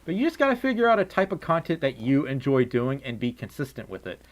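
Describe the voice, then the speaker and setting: A man's voice: mid-range voice, animated, fast. A man answering viewer questions on a casual livestream, chatty, with stammering restarts and nervous laughs. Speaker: streamer. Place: at home, wearing a fursuit.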